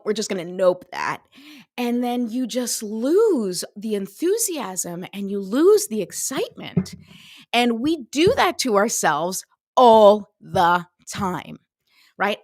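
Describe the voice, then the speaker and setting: A chatty woman host in her thirties gives a motivational talk, her voice sitting a bit high. She is animated and loose, with lots of fillers. The sound is dry and close, with no room behind it. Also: dry recording.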